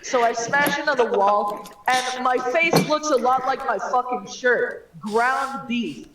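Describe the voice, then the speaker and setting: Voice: high-pitched, unhurried. A player improvising a crude first-person story in casual online voice chat. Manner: crude, deadpan, stories told in first person. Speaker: comedy game player. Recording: echoey distant mic with faint hiss.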